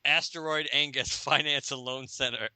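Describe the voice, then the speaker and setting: A man co-hosts a podcast over a Skype call, casually chatting about comic books and laughing a lot as he acts out quoted lines in different voices. His voice is medium-pitched, steady, bright and forceful, at normal speed, in a dry recording.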